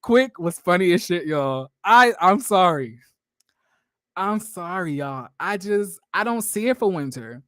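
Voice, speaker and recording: A man's voice: sits high, animated, moderate pace, few pauses, smooth, no echo, studio quality. A young man giving casual, profane reaction commentary on a reality show during a live stream, chatty, laughing a lot and restarting his sentences.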